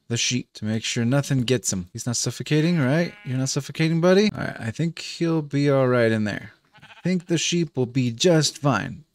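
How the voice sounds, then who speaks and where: A man's voice: medium pitch, dry recording. Guy narrating his game, talks to himself a lot, dry close sound, medium voice. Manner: chatty, thinks aloud, frequent restarts and chuckles. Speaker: let's play host. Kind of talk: gameplay commentary.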